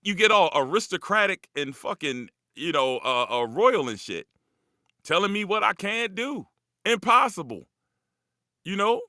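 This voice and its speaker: A man speaking hosts a casual live talk, loose, profane and rambling. His voice is bright and forceful and a little high. It is close-miked and dry, with no room around it. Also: no echo. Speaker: host. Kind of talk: casual monologue to a live audience.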